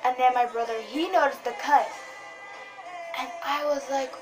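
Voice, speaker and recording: A young woman chatting excitedly in a casual vlog, rambling with lots of fillers. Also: sits high, moderate pace. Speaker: vlogger. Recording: music playing behind.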